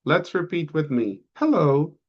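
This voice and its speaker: A man teaching an introductory class, drawing out model phrases slowly for students to repeat, on slightly muffled audio. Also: fairly high pitch, very animated. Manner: slow, drawn-out model phrases for repetition. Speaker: English teacher. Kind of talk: online English lesson.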